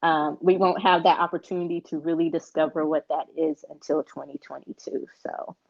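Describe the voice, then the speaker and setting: A woman's voice: sits low, steady tone, normal speed, vocal fry, dry recording. An American woman co-hosting a podcast in a casual, rambling chat, with many fillers. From United States. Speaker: podcast co-host. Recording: dull, dry lo-fi sound.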